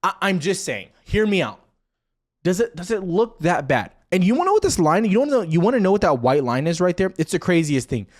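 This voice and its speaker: A man's voice: high voice, sing-song, brisk. A young man hosting casual stock market commentary, talking straight to viewers over charts with joking asides.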